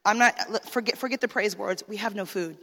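A woman's voice: mid-range voice, fairly quick, sharp tone. A woman giving an emotional sermon testimony as a minister's wife, talking straight to the listeners. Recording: long hall reverb.

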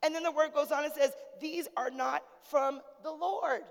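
In a church sanctuary with long reverb, a woman pastor preaches a sermon, calling out to the congregation in a conversational, humorous way. Her voice sits high, with fairly even intonation and a moderate pace.

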